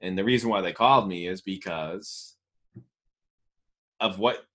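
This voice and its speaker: Low-voiced man chatting casually. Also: measured pace, a bit bright. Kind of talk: casual chat.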